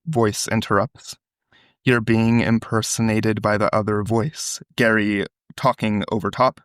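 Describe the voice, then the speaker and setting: A man's voice: medium pitch, a bit bright, no room sound, clean studio sound. A man co-hosting a podcast, reading a phone call transcript aloud and acting out the quoted lines. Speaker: podcast co-host.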